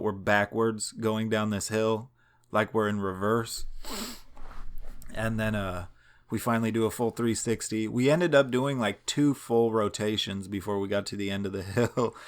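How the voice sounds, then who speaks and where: A man's voice: fairly low pitch, clear, resonant tone. A man vlogging, telling a long story casually, rambling with lots of fillers and swearing.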